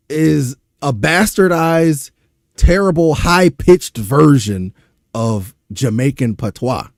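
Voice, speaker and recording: A man's voice: mid-range voice, a little mellow, no echo, clean studio sound. A young man from Louisiana with a Louisiana accent, exasperated and profane, ranting through a reaction stream. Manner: exasperated, profane, rhetorical questions.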